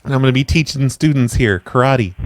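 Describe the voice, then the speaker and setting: A man running a prank phone call with a deadpan, stubborn delivery, sounding mock-offended at every turn. His voice sits at an ordinary middle pitch. It comes through close and dry, with no room sound at all. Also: fairly quick, no room sound. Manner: deadpan, persistent, feigning offense. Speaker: prank caller and show host.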